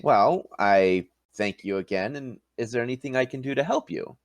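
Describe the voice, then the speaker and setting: A man voicing a confused young human noble training as a paladin, speaking in a halting, formal, courteous way. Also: medium pitch, dry recording, natural voice. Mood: formal, dazed.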